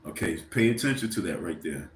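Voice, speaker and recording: A man's voice: low voice, expressive, fairly quick, echoey room, slight background noise. A man hosting a livestream, ranting casually and profanely in a rambling, heated way and speaking directly to his viewers. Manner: addresses viewers directly, asks for likes. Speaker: livestream host.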